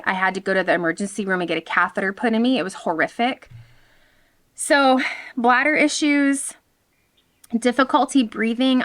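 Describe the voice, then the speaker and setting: A woman's voice: medium pitch, a bit bright. A woman hosting her own vlog outdoors, talking frankly and with animation straight to her viewers. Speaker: vlog host. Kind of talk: candid personal vlog talk.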